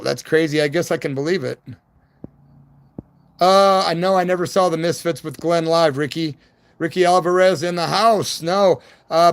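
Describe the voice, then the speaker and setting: Rambling rock musician, man, loose slang. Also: a little high. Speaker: rock musician hosting a live chat. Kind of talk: rambling live-stream chat. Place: at home, evening live stream.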